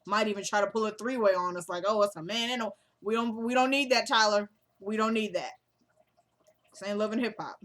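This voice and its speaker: A woman's voice: mid-range voice, a little fast, fairly bright tone. Chatty woman recapping a TV episode. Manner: chatty, talks straight to viewers, retells dialogue. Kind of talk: casual show recap vlog.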